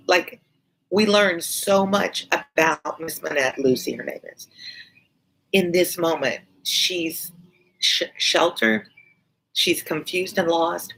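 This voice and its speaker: A woman's voice: sits low, creaky, fairly bright tone, a little hiss or hum, rough recording. A woman teacher reading a classic novel aloud and breaking in with earnest, informal comments. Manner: earnest, informal asides between passages. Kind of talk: read-aloud lesson with commentary.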